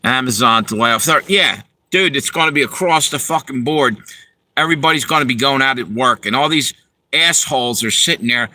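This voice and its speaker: Brief: a man hosting a livestream, heated and profane, tense bright tone. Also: medium pitch, brisk, poor audio. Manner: profane, heated, talks to viewers. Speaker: livestream host reading chat. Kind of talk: angry ranting livestream.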